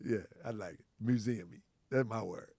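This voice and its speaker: A man hosting a live show, loud and animated, laughing often, repeating himself and calling out to his chat and callers. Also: lowish voice, normal speed, gravelly, slightly rough, no room sound. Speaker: livestream show host.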